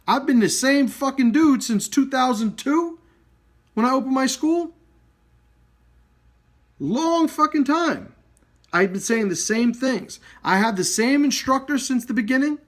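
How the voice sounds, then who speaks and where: A man with a high, lively voice gives a blunt live-video rant about his martial arts school. He swears freely and drives each point home with hard emphasis. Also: unhurried. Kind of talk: blunt, profane direct-to-camera rant.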